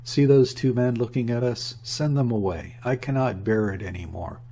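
A man's voice: medium pitch, moderate pace, warm tone, natural voice. A man reading a desperate pleading daughter. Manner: pleading, passionate. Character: desperate young woman pleading with her father.

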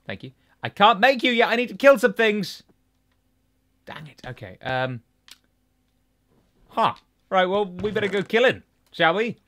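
A young man giving casual Let's Play commentary, chatty and talking to the game animals, with sudden excited outbursts. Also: medium pitch. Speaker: gaming YouTuber.

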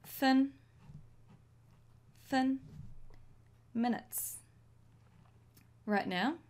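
A woman teaching a language lesson, modelling each phrase slowly and clearly for learners to repeat. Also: on the high side. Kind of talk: slow, deliberate language lesson.

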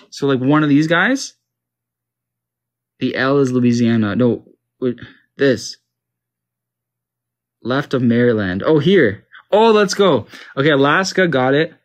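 A man from Canada, casually talking to himself while playing a map quiz game, confused and joking. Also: medium pitch. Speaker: gamer. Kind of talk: casual gaming commentary.

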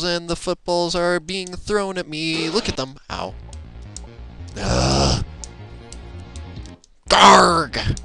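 A young man talks through a tough platform game into his laptop microphone, swinging his pitch all over as he mutters, groans and swears at the screen. He speaks at a slow, drawn-out pace, with faint game music playing underneath. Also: pushed and bright. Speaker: let's play gamer. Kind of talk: casual gameplay commentary.

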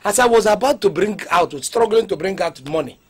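A man's voice: sits high, fairly quick, natural voice. A man playing a stingy, wheedling Nigerian father. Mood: defensive. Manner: evasive, wheedling, comic. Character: stingy, evasive middle-aged father.

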